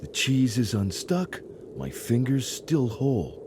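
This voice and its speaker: A man's voice: mid-range voice, big pitch swings, takes it slowly, background noise. An actor voicing a sardonic male adventurer in a video game, who speaks in dry, witty remarks. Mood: wry. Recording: game music behind the voice.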